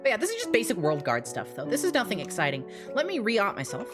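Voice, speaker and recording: A young woman with a medium-pitched voice talks over music during a live stream. She's out of breath, hurrying excitedly through her game mode and laughing between phrases.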